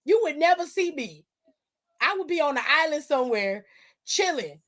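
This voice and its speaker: A woman hosting a casual wrestling aftershow, animated and profane, talking loudly and laughing often. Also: sits high, normal speed. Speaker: host.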